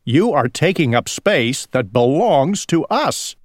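A man's voice: fairly high pitch, big pitch swings, takes it slowly, no echo, studio quality, voice pushed up, heavily acted. A man voicing a big territorial snake, reading in a bossy, commanding way.

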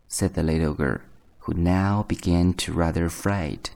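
A man reading a bedtime story aloud as an English teacher, in a calm, measured telling. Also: sits low, creaky.

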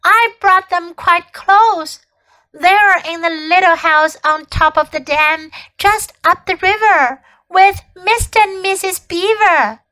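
A woman's voice: very high-pitched, fairly even intonation, slow pace, bright, forceful tone, voice pushed up, full character voice, low-quality recording. A woman voicing a frightened young schoolboy who pleads in a trembling, stammering way. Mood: pleading.

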